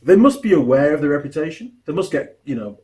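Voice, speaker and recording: Mechanic host, animated pitch, loose chatty storytelling. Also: male voice, quick pace. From New Zealand. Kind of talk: casual chat while building a model kit.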